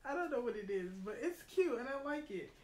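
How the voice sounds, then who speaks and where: A young woman vlogger chatting excitedly to her viewers, slangy, and quick to laugh. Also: high-pitched. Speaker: beauty vlogger. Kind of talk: casual unboxing chat to viewers. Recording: roomy echo, faint noise.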